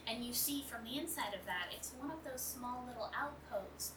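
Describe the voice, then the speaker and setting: A woman's voice: fairly high pitch, animated, moderate pace. Woman game master, rambling narration, filler-heavy; roomy, noisy, distant recording.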